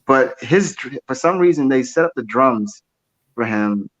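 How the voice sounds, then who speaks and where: A man in his twenties, a drummer, telling stories in a casual interview, animated and repeating his words. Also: medium pitch, a little slow, rough recording. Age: 20s. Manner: animated storyteller, repeats words, acts out quoted voices. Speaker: drummer and guest.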